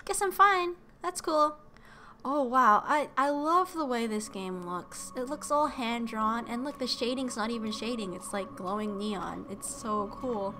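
A woman streamer giving excited, gushing let's-play commentary with cutesy baby talk, game music faint behind her. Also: a little high, measured pace, hardly any pauses, slight background noise.

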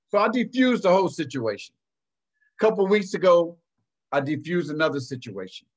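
A man's voice: mid-range voice, sing-song, brisk. A man from Ohio, a basketball coach and program director, telling a story in a casual panel talk with a folksy, earnest manner, acting out what people said. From United States. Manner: folksy, earnest, acts out quoted lines.

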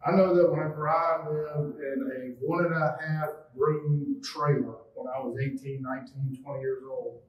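A man's voice: medium pitch, steady tone, moderate pace, hardly any pauses, lo-fi sound. Rambling man in a roomy space. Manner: rambling, conversational, with casual swearing. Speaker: spiritual group leader. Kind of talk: casual spiritual talk. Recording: roomy, distant mic.

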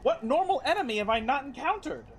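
A man's voice: very high voice, lively intonation, fast, a little hiss or hum. A man streaming a video game, talking casually, exasperated and swearing heavily. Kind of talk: casual live-stream commentary.

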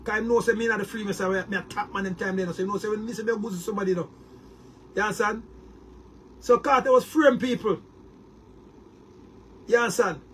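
A man's voice: high voice, fairly bright tone, slight background noise. A Jamaican man delivering a heated, boastful monologue to his viewers, repeating words and restarting often. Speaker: online commentator.

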